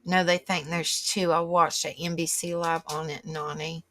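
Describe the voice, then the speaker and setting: A woman's voice: deep voice, little pitch movement, normal speed, a bit bright. A middle-aged woman, hosting a live stream and chatting casually with viewers, rambling and reacting aloud as she reads the chat. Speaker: livestream host.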